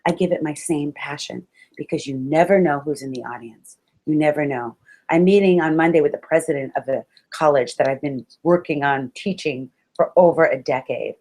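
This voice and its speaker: In a webinar about public speaking, a woman motivational speaker addresses her audience as if they were friends. Her slightly low voice moves at normal speed, animated and expressive, punctuated by sudden exclamations.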